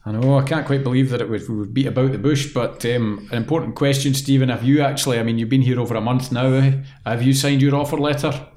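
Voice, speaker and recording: A man's voice: medium pitch, fairly even intonation, fast, hardly any pauses, darkish tone. Young guy cohosting a podcast, chatty, jokes around, walks you through stuff. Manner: chatty, jokey, explains step by step. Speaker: podcast co-host, employment lawyer. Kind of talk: casual chat and explaining.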